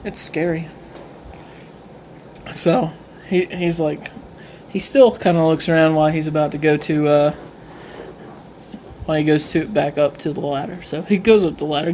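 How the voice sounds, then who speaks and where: A woman's voice: deep voice, fairly even intonation, moderate pace, darkish tone, a little hiss or hum. A woman telling a rambling comic story, laughing often and using many fillers. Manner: giggly, rambling, with frequent fillers. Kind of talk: casual comedic storytelling.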